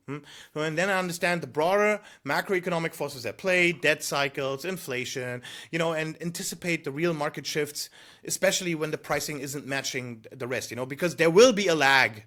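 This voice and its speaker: A man's voice: fairly high pitch, sharp tone. A man who trades, giving emphatic market advice to camera, coaching with rhetorical questions and a nudging 'hmm?'. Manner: frequent 'you know' fillers. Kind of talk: direct-to-camera advice monologue.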